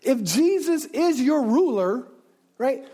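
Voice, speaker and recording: A man's voice: extremely high pitch, lively intonation, slow pace, dark tone, breathy edge. A man preaching a sermon as a pastor, talking conversationally with frequent restarts and asides to the congregation.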